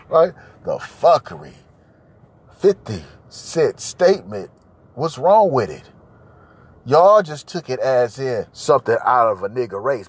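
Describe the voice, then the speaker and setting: A man hosting a podcast, ranting loudly and profanely in a comedic monologue and repeating his points. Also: a little high, very animated, measured pace. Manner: loud, profane, repetitive ranting. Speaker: podcast host. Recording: noisy home recording.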